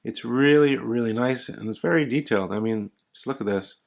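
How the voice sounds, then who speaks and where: A man's voice: medium pitch, a little fast, creaky. Easygoing man reviewing a watch. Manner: easygoing, repeats praise words ("really, really nice"). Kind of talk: casual product review narration.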